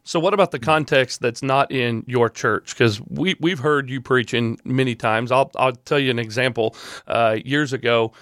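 A man's voice: medium pitch, normal speed, fairly bright tone, no echo, clean studio sound. A middle-aged man hosting, telling a long story and pressing his guest with questions. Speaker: host. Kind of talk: confrontational interview.

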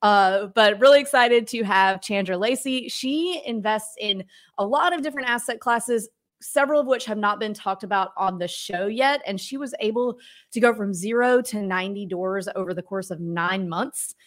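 A woman's voice: medium pitch, normal speed. A woman hosting a podcast, introducing her guest in a bubbly way and laughing easily. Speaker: podcast host. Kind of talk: upbeat podcast interview intro.

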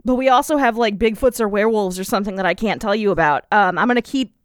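A woman's voice: mid-range voice, quick pace, no room sound, studio quality, close to an everyday voice. A woman voicing a chatty, conspiratorial oddball male park ranger. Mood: teasing.

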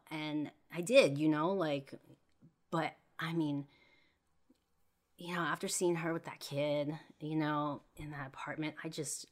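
Low-voiced woman telling a personal story. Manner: casual, emotional, swears freely, many fillers. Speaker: podcast host.

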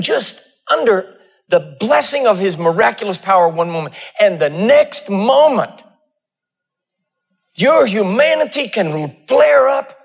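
A man's voice: gravelly, husky. A man preaching a sermon, telling stories and acting out the dialogue with big swings in his voice. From Texas. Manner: storytelling, acting out dialogue with wide swings in pitch.

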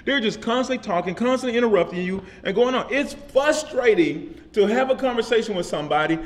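A man's voice: very high-pitched, animated, brisk. A man preaching a sermon in casual, everyday speech. He repeats phrases and keeps asking "amen?" of his listeners. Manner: repetitive call-and-response preaching with frequent "amen?". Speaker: pastor.

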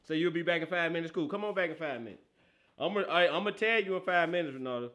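A man hosting a casual football podcast, talking in animated, slangy banter and laughing often. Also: a little high, rapid-fire. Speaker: podcast host. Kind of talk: casual football talk show.

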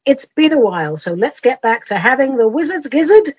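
Husky, lively-voiced woman host. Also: high-pitched, fairly quick, dry recording, rough recording. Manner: whimsical, self-mocking, jokey. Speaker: podcast host. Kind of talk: playful podcast monologue and comic verse reading.

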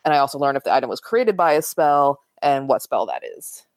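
Very low-voiced woman player. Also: very animated, no room sound. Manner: chatty, quick to laugh, trips over words. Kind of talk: tabletop role-play.

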